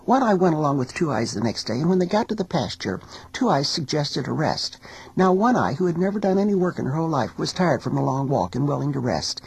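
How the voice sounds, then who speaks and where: Woman storyteller, studio recording, rough gravelly texture, breathy husky tone. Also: deep voice, rough recording. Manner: expressive storyteller, sings small refrains slowly. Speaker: storytelling teacher. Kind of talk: told folk tale.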